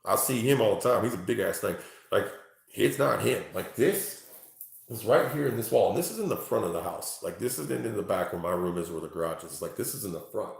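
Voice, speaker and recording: A man reading tarot live for his chat from home, talking excitably, swearing freely and exclaiming. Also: fairly low pitch, a little fast, gravelly. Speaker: tarot reader livestreaming to chat. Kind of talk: casual live-stream chat. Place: at home, indoors. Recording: very echoey room.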